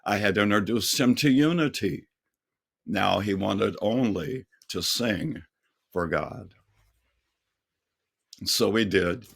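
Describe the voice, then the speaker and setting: Older male singer, slow earnest testimony, low gravelly voice. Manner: slow, earnest storytelling with quoted dialogue. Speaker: singer and speaker. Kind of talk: testimony storytelling.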